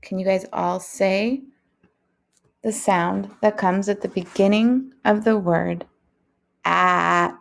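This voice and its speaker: A woman's voice: medium pitch, fairly even intonation, vocal fry. A woman teaching a phonics lesson to young children, speaking in a patient, encouraging way. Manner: slow, patient, encouraging classroom delivery.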